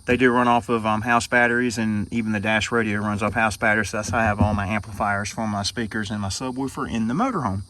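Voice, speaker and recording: Talking fast with few pauses, this middle-aged man has a lowish, pushed and bright voice with fairly even intonation. He's an RV owner vlogging a rambling, folksy, filler-heavy walk-through of his RV, recorded outdoors at night on a handheld phone. Crickets and insects can be heard behind him.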